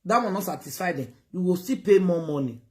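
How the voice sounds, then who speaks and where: Animated woman with a Nigerian Pidgin accent. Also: fairly low pitch, a little fast. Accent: Nigerian Pidgin English. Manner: animated, lecturing and exhorting, switching between Pidgin and English. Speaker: vlogger giving advice. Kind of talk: casual live-stream talk. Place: United Kingdom.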